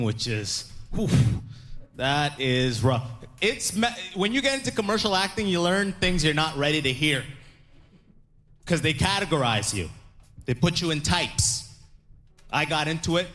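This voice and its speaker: A young man performing a stand-up comedy set, acting out the voices of the people he quotes. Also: fairly high pitch. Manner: animated, acts out quoted voices, laughs through lines.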